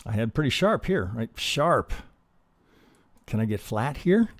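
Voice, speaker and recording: A man's voice: medium pitch, big pitch swings, a little slow. Profane, chatty male trading teacher. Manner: casual, profane, keeps asking "right?"; talks himself through charts with rhetorical questions. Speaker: trading educator. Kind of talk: live-stream chart review.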